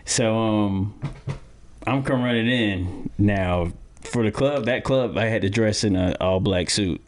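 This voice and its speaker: Give me a man with a low voice who rambles, repeating himself and restarting, as a podcast co-host. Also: measured pace, slight background noise. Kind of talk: casual podcast chat and storytelling.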